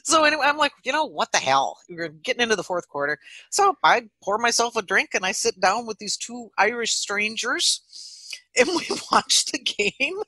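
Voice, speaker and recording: A woman's voice: a little high, normal speed, dry recording. A middle-aged woman casually telling an anecdote on a podcast, laughing often as she goes. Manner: animated, laughs often mid-story. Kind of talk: casual storytelling chat.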